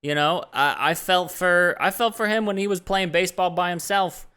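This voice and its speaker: Bright, earnest male podcast co-host. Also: sits high, normal speed, smooth. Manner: earnest, rambling, self-interrupting. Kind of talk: casual chat.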